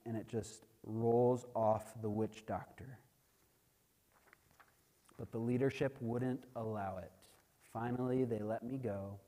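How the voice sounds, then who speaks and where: A man preaching as a missionary, telling a dramatic testimony that builds to loud, emphatic peaks. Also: medium pitch. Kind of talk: sermon testimony. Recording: long hall reverb.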